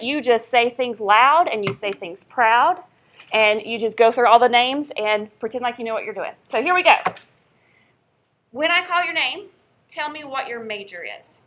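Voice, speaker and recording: Southern woman professor, young, chatty and upbeat, bright higher voice, keeps asking "okay?". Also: moderate pace, a little hiss or hum. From North Carolina. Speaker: college professor. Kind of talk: first-day class introduction and roll call. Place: classroom.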